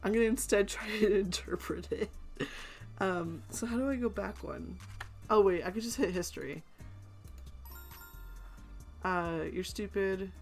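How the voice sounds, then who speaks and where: A young woman streams a visual novel, reading the characters' lines and drifting into chatty asides full of ums and likes. Her pitch sits in a middle range. Soft game music plays quietly underneath. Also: moderate pace. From Canada. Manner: reads the game lines aloud, chatty asides with fillers and laughs. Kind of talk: casual let's-play reading and chat.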